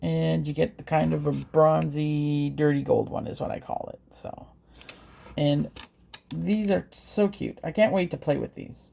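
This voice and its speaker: A woman's voice: low voice, unhurried, creaky, warm tone, a little hiss or hum. A woman vlogger chatting casually and hesitantly as she unboxes and reviews craft supplies. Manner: chatty, hesitant, with fillers and self-corrections.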